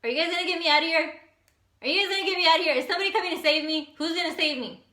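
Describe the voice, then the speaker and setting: A woman's voice: very high voice, very fast, bright, forceful tone, voice pushed up. A woman voicing a frog trapped in a hole. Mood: pleading. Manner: storytelling, pleading then resolute. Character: male frog stuck in a deep hole. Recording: echoey room.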